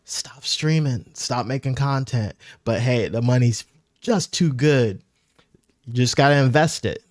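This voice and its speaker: A man's voice: mid-range voice, a little slow, dry recording. A man talking casually over a clip he is reacting to, teasing and goofing around with mock voices. His voice sits in a middle register. The sound is dry and close, with no room around it. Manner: animated, mocking voices for imagined streamers. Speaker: reaction streamer.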